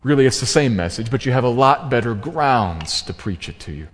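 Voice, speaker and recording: A man preaching a sermon in an earnest, emphatic way, slowing down to stress key phrases. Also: medium pitch, lively intonation, husky. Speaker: pastor. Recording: long hall reverb.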